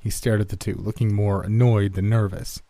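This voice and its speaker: A man narrating a horror story in a steady, measured reading. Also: lowish voice, no room sound.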